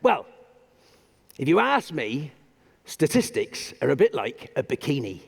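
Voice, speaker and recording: A man voicing a charming company boss with a folksy Gloucestershire drawl, smooth and self-assured. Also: medium pitch, very animated, unhurried, in a large hall, exaggerated voice. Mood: sly.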